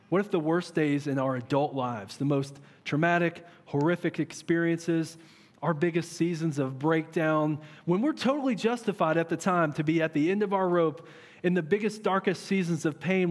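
A man in his thirties preaching a sermon as a pastor, earnest and animated, asking his listeners questions. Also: fairly high pitch. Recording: long reverb of a large hall.

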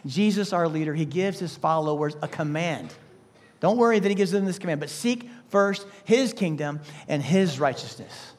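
In a high voice, a male pastor gives an emphatic sermon. Rhetorical questions pile up as he moves between loud eruptions and hushed asides.

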